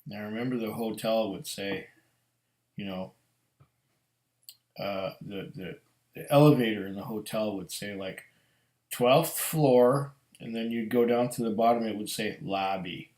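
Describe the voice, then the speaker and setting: A middle-aged man talks through a whiskey tasting at an unhurried crawl, his voice sitting a little low. He muses aloud and drifts into stories between sips. His voice bounces around a roomy, echoing space. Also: darkish tone. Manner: slow, musing, storytelling. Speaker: whiskey reviewer. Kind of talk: casual tasting review. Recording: echoey room.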